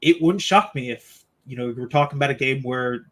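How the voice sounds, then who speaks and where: A man's voice: medium pitch, a little fast, a bit bright. A man hosting a sports podcast, chatting casually and asking his co-hosts for predictions. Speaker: podcast host.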